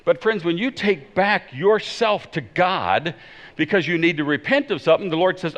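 A man preaching a sermon as pastor, emphatic and swinging between loud declarations and hushed pleading. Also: high voice, moderate pace. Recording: dull sound in a long-reverb hall.

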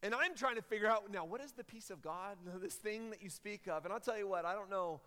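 A young man preaching a sermon, telling a story in an animated way and rising loud and high at the big moments. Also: brisk. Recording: long hall reverb.

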